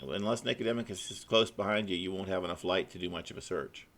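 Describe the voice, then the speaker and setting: A man with a Midwestern accent runs an online tabletop game as game master. His voice is low and gravelly. He describes the scene with frequent restarts and fillers. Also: fast talker, a bit bright, a little hiss or hum. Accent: Midwestern American.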